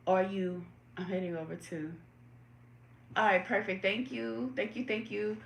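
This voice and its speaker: A woman's voice: mid-range voice, steady tone, unhurried, vocal fry. Reflective woman questioning her listeners, roomy echo. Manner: reflective, poses repeated questions to listeners, greets viewers by name. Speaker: tarot reader hosting a livestream. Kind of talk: live-stream spiritual talk to viewers.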